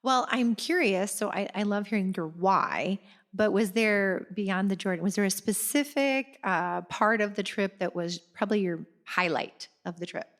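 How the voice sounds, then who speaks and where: Woman, podcast cohost, medium pitch, encouraging interviewer. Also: normal speed. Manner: encouraging interviewer with frequent backchannels. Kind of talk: casual podcast chat.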